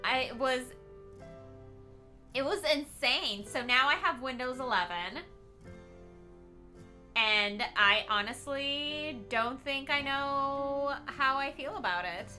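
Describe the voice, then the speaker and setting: A chatty young woman on a live stream, talking slowly and rambling about her day. Her voice is bright and sharp, higher than most, and faint music plays behind her. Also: lively intonation. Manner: chatty, bubbly, squeals greetings to viewers; tired and rambling. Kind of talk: casual live-stream chat.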